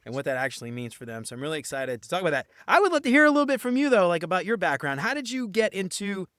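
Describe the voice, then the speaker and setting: A man's voice: high-pitched, very animated, racing, a bit bright, no echo, studio quality. A man hosting a podcast, enthusiastic and upbeat, with casual slang. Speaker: podcast host. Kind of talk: casual interview chat and show promo.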